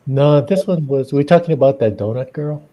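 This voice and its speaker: A man's voice: mid-range voice, normal speed, dull audio. A man chatting casually on a drawing livestream, laughing often and trailing off mid-sentence. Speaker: artist co-host. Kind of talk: casual chat while drawing. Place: indoors at a livestream drawing session.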